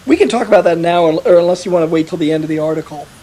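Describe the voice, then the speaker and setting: A man telling a veteran's story in a casual podcast conversation, animated and quick to quote others. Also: on the high side. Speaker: author interviewed about his article.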